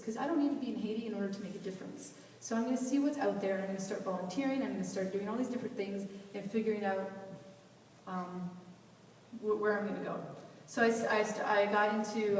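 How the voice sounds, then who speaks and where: A young woman, a motivational speaker, tells a personal story in a large hall at a youth event, candid and rambling, full of "like" and restarts. Her voice is mid-range and a little mellow. The recording is echoey, with a distant mic and faint hiss.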